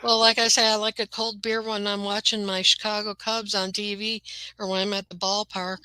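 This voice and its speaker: A woman's voice: medium pitch, level tone, moderate pace, bright, forceful tone, clear, resonant tone, dry recording. A woman with a Midwestern accent chatting bluntly and laughing easily in a casual group video chat over a webcam. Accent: Midwestern American. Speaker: community chat participant.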